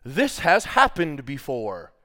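A man's voice: mid-range voice, wildly swooping pitch, slow, bright, forceful tone. A man preaching a sermon, casual and playful, calling the congregation y'all and reading scripture aloud. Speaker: pastor.

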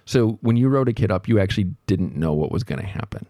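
A man's voice: lowish voice, expressive, quick pace, dark tone, no echo, clean studio sound. A man hosting a podcast, telling a story from his working life in a rambling, self-deprecating, reflective way with lots of fillers. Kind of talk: casual storytelling monologue.

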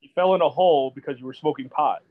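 A man in a casual chat among friends, cracking halting jokes. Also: on the high side, narrow, tinny audio. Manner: jokey, halting, cracks wisecracks.

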